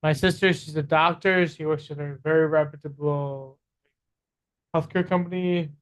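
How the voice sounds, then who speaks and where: A man's voice: on the high side, steady tone, normal speed, a bit bright, smooth. A man guest on a podcast, an HR tech executive, talking confidently and emphatically, repeating his points while he has the hiccups. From Guyanese roots. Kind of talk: casual interview talk.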